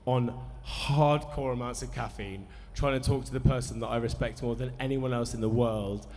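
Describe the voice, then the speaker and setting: A man's voice: medium pitch, steady tone, normal speed, darkish tone, a little hiss or hum. A nervous man in his thirties rambles through a sweary, self-mocking story for a live audience. His voice rings out in a cinema hall with a long reverb tail. A faint murmur of the room sits underneath. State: nervous, dry mouth. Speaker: musician introducing a film screening.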